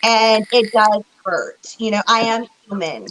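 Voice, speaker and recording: A woman's voice: mid-range voice, a little slow, a bit bright, slight background noise, rough recording. A woman co-hosting a psychic reading livestream, talking emotionally and directly to the chat viewers. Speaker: psychic reader and co-host.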